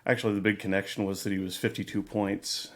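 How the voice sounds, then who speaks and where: Male podcast host, lowish voice, casual and rambling. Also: flat delivery, fast. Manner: rambling, many restarts and fillers. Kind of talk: casual hobby chat.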